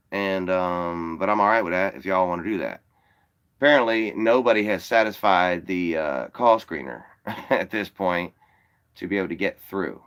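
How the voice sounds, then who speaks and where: A man's voice: deep voice, fairly bright tone. Rambling, profane male livestream host. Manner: talks to viewers directly. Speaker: live show host. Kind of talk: casual livestream chat.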